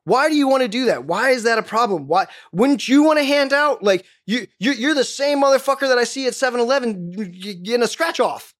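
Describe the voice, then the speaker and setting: A man's voice: extremely high pitch, expressive, a little fast, hardly any pauses, fairly bright tone. A man as a podcast guest, ranting in a heated, profane way with many restarts. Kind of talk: casual podcast conversation.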